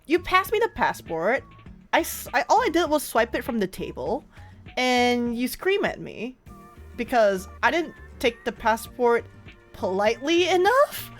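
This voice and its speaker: A woman streamer chats casually, her fairly high voice swinging widely as she tells a story with lots of laughter. Faint music plays softly underneath. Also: moderate pace. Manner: animated storytelling, laughs often. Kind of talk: casual chat.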